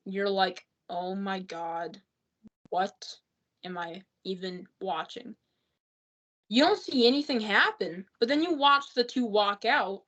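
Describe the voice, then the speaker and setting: A woman's voice: medium pitch, fairly bright tone, poor audio. A woman giving a rambling, exasperated spoken movie review, full of fillers and restarts.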